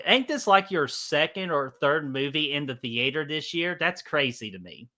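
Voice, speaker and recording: A man's voice: on the high side, bright, forceful tone. A man with a Southern US accent hosting a casual live stream, greeting chat by name, laughing and swearing casually.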